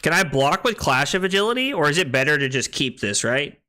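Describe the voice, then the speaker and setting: Streaming a card game, a man with a fairly high voice chats casually with his chat at a brisk pace. He thinks aloud about his plays and gets excitable when he's winning.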